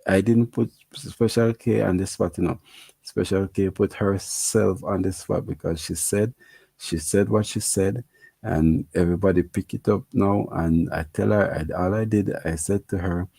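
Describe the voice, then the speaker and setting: A man's voice: low-pitched, fairly even intonation, normal speed, vocal fry, mellow, husky, no echo. A man with a Jamaican accent hosting a casual livestream, chatting with viewers, laughing and repeating himself. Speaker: livestream host. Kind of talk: casual livestream chat reading comments.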